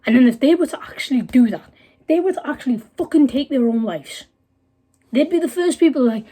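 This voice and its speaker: A fired-up girl in her late teens vents straight into the camera, blunt and full of swearing. Her voice sits a little high, yet with a soft, mellow tone. She keeps pushing her point hard. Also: quick pace. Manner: heated, blunt, swears often. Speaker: vlogger. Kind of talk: angry profane rant.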